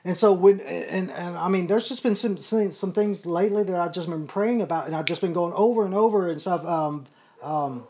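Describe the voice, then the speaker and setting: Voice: mid-range voice, moderate pace, dark tone. A person leading a casual Bible study, explaining scripture earnestly with frequent repeats and restarts. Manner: earnest, repetitive, self-correcting.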